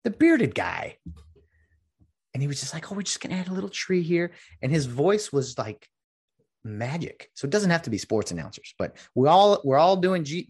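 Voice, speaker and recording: A middle-aged man in a casual, rambling monologue, full of jokey asides. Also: fairly high pitch.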